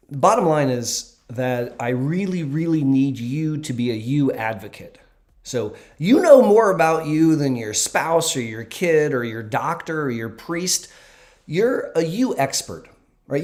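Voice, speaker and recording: A man speaking as a doctor during a relaxed livestream Q&A. He answers viewers in an earnest, emphatic way, leaning hard on the points that matter. His talk is loose and unscripted, full of ums and small restarts. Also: medium pitch. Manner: earnest and emphatic, with frequent fillers. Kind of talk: casual livestream Q&A.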